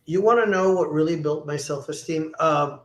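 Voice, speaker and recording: A man's voice: a little high, moderate pace. A man who is a recording artist answering interview questions in a thoughtful, hesitant way. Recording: echoey room sound.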